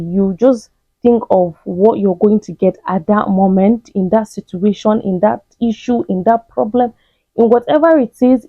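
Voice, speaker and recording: A woman's voice: medium pitch, dark tone, no room sound. A woman giving a blunt, preachy self-help talk, hammering the same points again and again. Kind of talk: direct-to-camera advice monologue. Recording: tinny phone-like sound.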